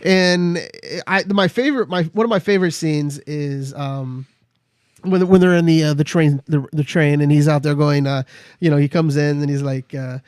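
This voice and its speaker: Middle-aged male co-host, halting, restart-heavy delivery, high voice. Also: fairly even intonation, darkish tone, smooth, no room sound, studio quality. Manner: halting, many restarts, acts out movie lines. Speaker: podcast co-host. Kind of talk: casual chat about movies.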